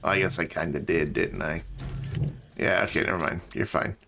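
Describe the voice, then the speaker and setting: A live streamer chats casually over his game, cracking jokes and talking to objects on screen. His low, creaky voice moves at a moderate pace against a noisy background.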